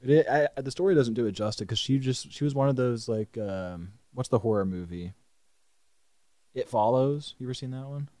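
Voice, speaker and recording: A young man co-hosting a podcast, telling a story in a casual, animated way and swearing freely. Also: medium pitch, normal speed, no room sound, studio quality. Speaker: podcast co-host. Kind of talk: casual chat.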